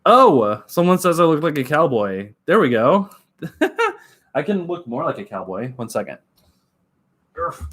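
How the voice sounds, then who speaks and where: A man's voice: a little high, very animated, a little slow, long pauses, a bit bright, slightly rough. A man from Oklahoma chatting casually with live viewers on his stream, rambling, giggling often and leaning on filler words. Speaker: livestreamer.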